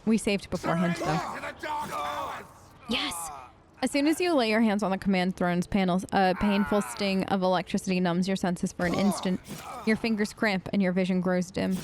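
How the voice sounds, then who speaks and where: A woman's voice: medium pitch, moderate pace, a crowd in the background. Chatty woman narrating a game. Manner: chatty, reads dialogue with restarts and asides. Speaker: let's play host. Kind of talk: casual gameplay commentary reading game text aloud.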